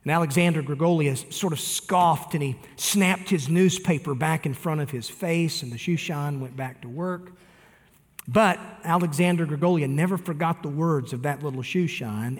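A man's voice: fairly high pitch, big-room sound. A man preaching a sermon, talking earnestly and appealing directly to his listeners. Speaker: pastor.

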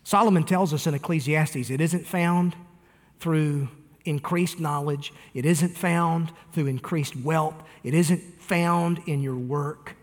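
A pastor delivers a sermon in a somewhat high male voice, pressing his points earnestly and turning straight to the congregation. His words ring out with a long reverb, as from a large hall. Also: fairly even intonation, takes it slowly. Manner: earnest preaching with direct appeals to listeners.

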